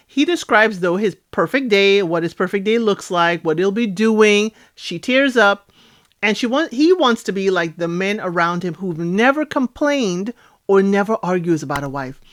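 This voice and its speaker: A woman hosting a casual reality TV recap, chatty and animated, acting out the cast members' lines in playful voices. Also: mid-range voice.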